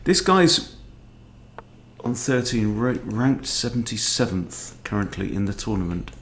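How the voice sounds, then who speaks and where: A man, a chess coach thinking aloud in a relaxed, understated way as he plays a fast game. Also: on the low side, slight background noise. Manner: muttering, understated, self-talking. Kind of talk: thinking aloud while playing blitz chess.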